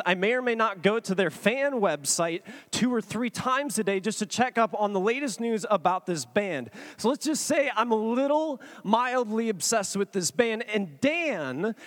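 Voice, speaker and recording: High-voiced, excitable male storyteller. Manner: excitable, animated, acts out chat messages. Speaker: speaker addressing an audience. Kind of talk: comic personal storytelling.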